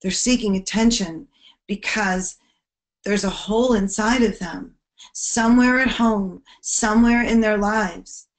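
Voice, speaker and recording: A woman's voice: medium pitch, a little slow. Earnest woman advising teachers. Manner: earnest, heartfelt, softening at serious points. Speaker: bullying prevention speaker. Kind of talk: educational presentation to teachers.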